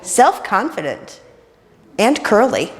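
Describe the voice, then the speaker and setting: A woman minister leading an interactive sermon, chatty and playful with quick jokes, in a church. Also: fairly high pitch, sing-song, very noisy. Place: church sanctuary. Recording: reverberant church hall.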